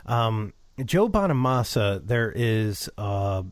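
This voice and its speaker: A man's voice: on the low side, big pitch swings, slow pace, slight background noise. A man co-hosting a music podcast, enthusiastic and often searching for his words. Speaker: podcast co-host. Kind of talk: casual chat.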